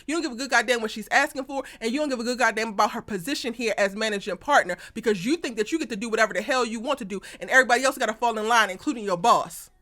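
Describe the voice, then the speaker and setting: A woman's voice: a little high, bright, forceful tone. A woman hosting a TV episode breakdown, blunt and exasperated, cursing freely and speaking straight to her viewers. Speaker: TV recap host.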